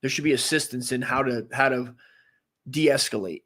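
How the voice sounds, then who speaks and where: A man's voice: mid-range voice, moderate pace, a bit bright. A man telling a story in a casual, rambling way, cursing often and using lots of fillers, turning earnest when serious. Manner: profane, rambling, full of fillers. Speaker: comedy podcast host.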